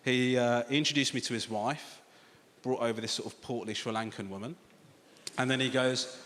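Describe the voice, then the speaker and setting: A man's voice: medium pitch, steady tone, moderate pace, fairly bright tone. A British man doing a sardonic, sweary stand-up comedy set, talking straight to the crowd from a large theatre stage. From Britain. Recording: reverberant theatre with audience noise.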